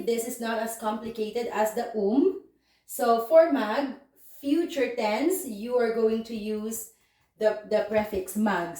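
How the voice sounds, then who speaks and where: Mellow woman teacher in an echoey room. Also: mid-range voice. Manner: patient step-by-step explaining, repeats words slowly. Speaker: language teacher. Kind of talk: online language lesson.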